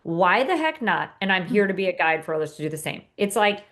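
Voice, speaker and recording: A woman's voice: lowish voice, big pitch swings, fairly quick, fairly bright tone. A woman author speaking as a podcast guest, earnest and motivational, with frequent fillers and restarts. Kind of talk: podcast interview.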